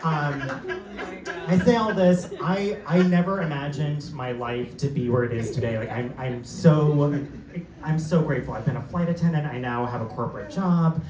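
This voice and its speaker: A young man tells stories on stage in a camp, sassy way, tossing off quick asides. His voice sits a little high. The sound is roomy and a bit distant, with a live crowd laughing around him. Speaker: stand-up comedian. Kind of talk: live stand-up set.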